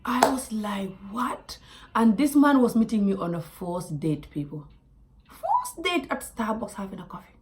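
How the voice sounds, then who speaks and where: A woman from Africa telling a personal story to camera, animated, with quiet asides and whispers. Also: mid-range voice, a little slow, background noise. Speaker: vlogger.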